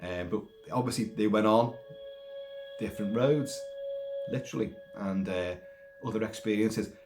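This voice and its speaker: A man's voice: fairly low pitch, normal speed. Rambling man with faint music behind. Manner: rambling, animated, with frequent restarts and put-on voices. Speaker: film commentator. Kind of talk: casual film discussion.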